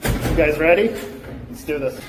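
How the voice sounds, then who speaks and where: A man's voice: fairly high pitch, normal speed, heavy background noise. A man hosting a toy-hunting vlog, joking and rambling casually as he walks store aisles, filmed on a handheld camera. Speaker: host. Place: big retail store aisle.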